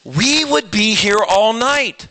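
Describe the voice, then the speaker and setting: Man, pastor, high voice, very bright and forceful tone, lively self-mocking sermon. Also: slow pace. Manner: animated, self-mocking storytelling with sudden shouts.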